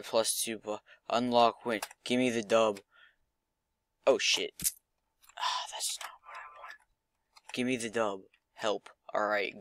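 A man's voice: fairly low pitch, fairly bright tone, slight background noise. Young man muttering over gameplay. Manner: muttering, swearing, self-mocking. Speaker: gaming commentator. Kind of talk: casual gameplay commentary.

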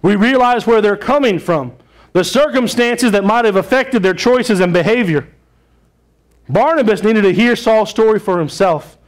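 High-voiced male pastor preaching. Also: normal speed. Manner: conversational, asks the congregation questions. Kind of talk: sermon.

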